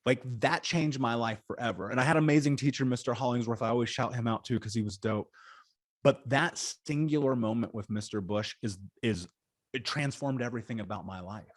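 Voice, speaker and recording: An animated man in his thirties tells his life story as an interview guest. He talks in slang, swears freely and acts out the people in his story. His voice sits at an ordinary middle pitch and sounds close and dry. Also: brisk, dry recording. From Indiana, USA.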